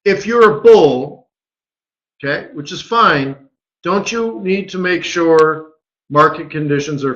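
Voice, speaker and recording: A forex market strategist with a fairly high, somewhat bright voice talks casually through a live trading webinar. He's chatty and keeps tossing in rhetorical "right?" questions, all on dull lo-fi audio.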